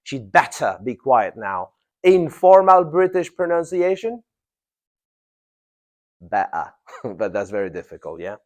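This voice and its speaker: A man teaching an English grammar lesson to a class, asking students questions and repeating key phrases slowly. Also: medium pitch, big pitch swings.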